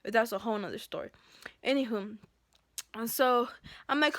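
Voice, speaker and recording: A fired-up woman with a slightly high voice rants about a run-in at work, speaking to her viewers as if to a friend. The sound is dry and close, with no room echo. Her telling stays animated and unscripted. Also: normal speed, pauses often. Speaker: school bus driver. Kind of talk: unscripted venting storytime to camera.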